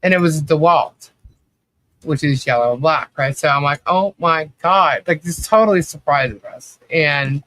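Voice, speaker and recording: A man's voice: on the high side, unhurried, fairly bright tone. A man hosting a casual livestream, telling rambling stories with lots of fillers and laughter. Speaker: livestream host. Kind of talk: casual chat.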